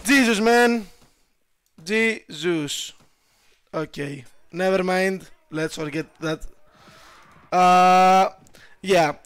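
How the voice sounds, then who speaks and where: A young man giving casual gameplay commentary, excitable, swearing and shouting at his troops and laughing at himself. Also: sits high, drawn-out words, long pauses, smooth, no echo. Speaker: gaming YouTuber.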